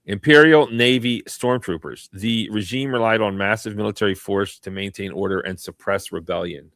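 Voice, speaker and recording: A man's voice: fairly low pitch, normal speed, fairly bright tone, no echo. Dry-voiced man hosting with mock-serious sarcasm. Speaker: host. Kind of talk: live online talk stream.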